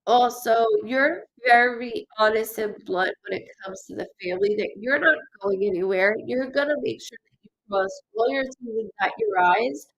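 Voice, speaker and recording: A woman hosting a live psychic reading stream, halting and stuffed up from crying, calling out names and letters to viewers. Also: on the high side. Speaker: psychic medium host.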